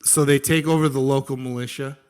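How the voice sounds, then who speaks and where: A man's voice: mid-range voice, fairly even intonation, fairly quick, darkish tone, clean tone. A young man co-hosting a podcast, telling history in a casual, profane, slangy way and saying "dude" a lot. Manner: slangy and profane, says "dude" often, acts out quotes. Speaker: podcast co-host.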